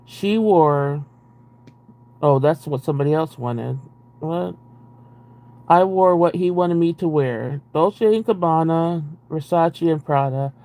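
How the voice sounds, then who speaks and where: A man's voice: a little high, slow pace, mellow. A young man on a live stream reading a book aloud and breaking off into profane, exasperated, sarcastic commentary. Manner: profane, exasperated, sarcastic asides between read passages.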